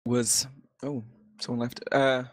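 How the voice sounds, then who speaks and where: A man's voice: mid-range voice, little pitch movement, takes it slowly, no room sound, studio quality. A man being interviewed after a game match over voice chat, joking and laughing often, with a sore throat.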